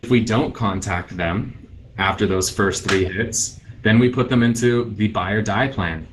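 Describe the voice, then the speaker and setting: A man in his thirties gives an energetic sales presentation with a low voice, coaching the audience directly. He acts out sample phone calls as he teaches. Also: measured pace, a little hiss or hum, poor audio. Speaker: real estate team leader presenting.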